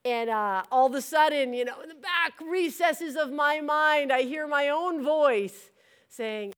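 A middle-aged woman gives a personal testimony in a sermon, her voice sitting fairly high. She tells it like a conversation, acting out her own past words as she goes. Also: a little slow, clear, resonant tone. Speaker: church leader giving a testimony.

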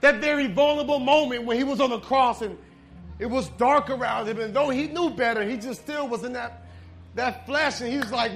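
High-voiced male preacher, urgent and intimate. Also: a little fast, soft background music. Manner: conversational storytelling, swinging between loud emphasis and hushed intensity. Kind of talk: sermon.

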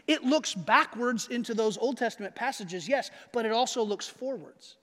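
High-voiced male pastor preaching. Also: expressive, normal speed, few pauses, fairly bright tone, big-room sound. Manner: conversational, often asks "right?". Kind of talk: sermon.

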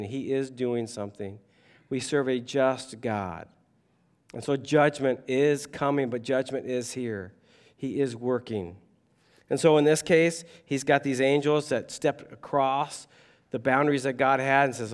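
A man preaching a sermon, animated and conversational, with humor and asides to the congregation. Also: medium pitch, moderate pace. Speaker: pastor.

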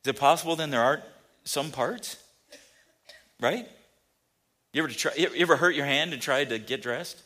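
A male pastor preaching a sermon in church, conversational and halting, repeating words and swinging between soft and emphatic. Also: a little high, expressive.

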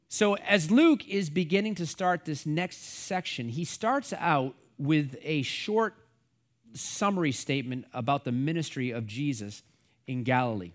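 A man's voice: a little high, a little slow. A middle-aged man from the United States, a pastor teaching the Bible in a casual, rambling way full of fillers and asides.

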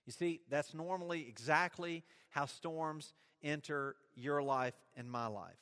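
A man with a high, bright, ringing voice preaches a sermon, pressing his points and throwing questions back at the congregation. His words trail off into a long hall reverb. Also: unhurried, clear, resonant tone. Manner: emphatic, asks the listeners questions. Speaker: pastor.

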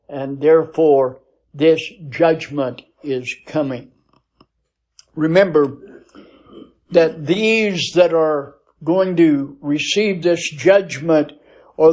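A man teaching a Bible lesson, reading scripture aloud in a measured cadence and pausing often with "uh" as he explains. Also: on the high side, a little mellow. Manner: slow, deliberate teaching with frequent "uh" pauses.

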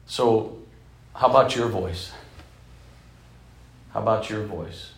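Man, 50s, bishop preaching, storytelling sermon, loud-to-hushed delivery, low voice, echoey church. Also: slow, vocal fry. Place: church sanctuary.

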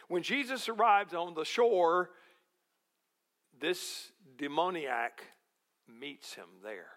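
Male pastor with a high voice, unhurried sermon delivery, leans on rhetorical questions. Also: a bit bright. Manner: slow, deliberate preaching with rhetorical questions.

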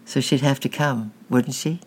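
A man's voice: medium pitch, moderate pace, breathy edge, close to an everyday voice. A man voicing an anxious young boy who pleads to keep his things.

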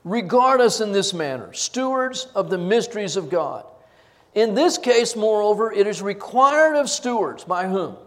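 Emphatic high-voiced preacher in a hall. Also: male voice, lively intonation, unhurried. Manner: emphatic, swings from loud stresses to low asides. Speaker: pastor. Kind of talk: expository sermon. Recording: reverberant hall.

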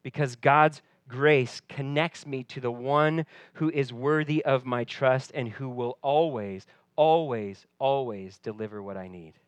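A man preaching a sermon, expressive, dropping to a soft voice when he quotes and rising when he stresses a point. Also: medium pitch, a little slow, hardly any pauses, clear, resonant tone, no room sound. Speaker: pastor.

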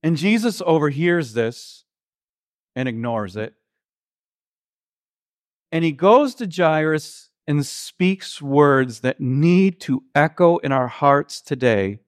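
A man preaching a sermon, retelling a Gospel story in an earnest, halting way, with frequent restarts and slow, quiet quotations. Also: fairly high pitch, expressive. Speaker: pastor.

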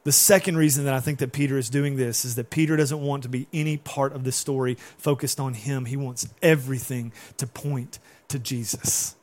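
A man preaching a sermon as pastor, animated and often putting questions to his congregation. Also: medium pitch, a little fast, hardly any pauses.

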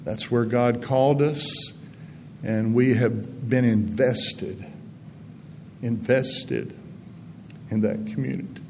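A man's voice: mid-range voice, fairly even intonation, takes it slowly, pauses often. A man in his sixties, a guest speaker giving a folksy, earnest testimony in a church setting. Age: 60s. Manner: folksy storytelling, gentle and earnest. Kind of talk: testimony-style sermon. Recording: long reverb in a hall, faint background noise.

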